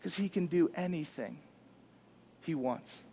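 Animated, high-voiced male pastor. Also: a little slow, creaky, a little hiss or hum. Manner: animated, casual and conversational, with slang. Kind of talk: sermon.

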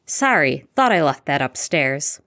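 A woman's voice: sits low, sing-song, unhurried, pushed and bright, no room sound, studio quality, exaggerated voice. A woman reading fan fiction aloud, voicing a flustered teenage boy wizard in a raised voice. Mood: puzzled.

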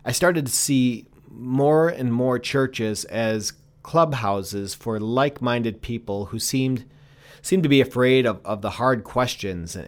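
A pastor with a fairly low voice, talking in a reflective conversation. He speaks earnestly, leaning on key words for emphasis as he shares personal experience.

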